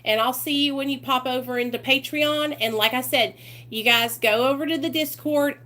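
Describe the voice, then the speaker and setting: A woman with a somewhat high voice chats directly to her viewers. Her talk is warm in its wording, loose and full of fillers like "you know" and "like". She keeps coming back to "you guys" and "y'all". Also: moderate pace. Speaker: recovery channel host.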